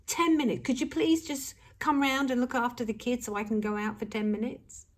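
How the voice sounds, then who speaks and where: A woman's voice: on the high side, steady tone, fairly quick, close to an everyday voice. A woman acting out a pushy neighbor who keeps asking for favors in a persistent, pleading way. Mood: wheedling.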